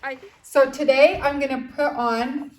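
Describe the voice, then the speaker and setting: A woman leads a music lesson for young children, her voice high and unhurried. She explains each note slowly and patiently, then counts and chants rhythms aloud for the class to clap along. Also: fairly even intonation. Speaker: elementary music teacher.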